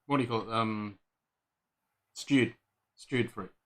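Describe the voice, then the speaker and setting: An Australian man co-hosting a casual whisky tasting, agreeable and quick to chime in. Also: medium pitch, steady tone, a bit bright. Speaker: whisky show co-host.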